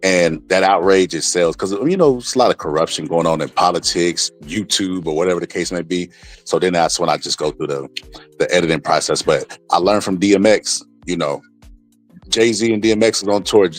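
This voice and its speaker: A man's voice: sits low, fairly quick, soft background music. A man speaking as a guest on a casual livestream chat, earnestly telling stories and giving advice. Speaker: guest commentator.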